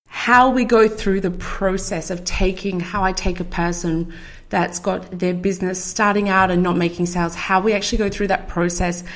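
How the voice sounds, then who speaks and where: A chatty, enthusiastic woman hosts her own podcast in a relaxed solo talk. She sounds middle-aged, with a mid-range voice and an upbeat, eager delivery. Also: mid-range voice, normal speed. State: out of breath. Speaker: podcast host and marketing coach.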